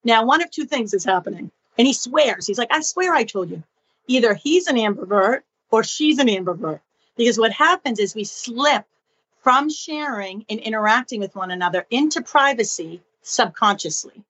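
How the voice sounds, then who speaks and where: Woman, podcast guest, animated explainer, acts out dialogue, slightly muffled sound. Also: on the high side, normal speed, husky. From Boston area. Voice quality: expressive, acts out dialogue in voices.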